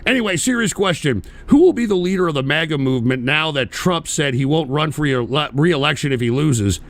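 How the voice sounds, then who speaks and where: Dude ranting on his political livestream, kinda high voice, swears a lot, dry close mic. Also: a little fast, no room sound. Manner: blunt, profane, animated ranting. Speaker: political talk show host. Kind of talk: live-stream commentary reading viewer donations.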